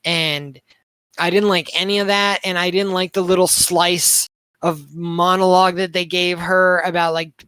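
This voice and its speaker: High-voiced man ranting about a film. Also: flat delivery, moderate pace, sharp tone, smooth, no room sound. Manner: rambling, heavy on filler words, swears a lot. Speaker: podcast co-host reviewing a movie. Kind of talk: casual chat.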